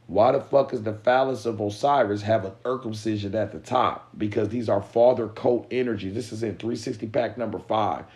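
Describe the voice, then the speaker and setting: A man's voice: on the low side, fairly even intonation, fairly quick, few pauses, darkish tone. A man hosting a live stream, talking in a casual, profane, emphatic way, full of street slang and repeated catchphrases. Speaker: livestream host.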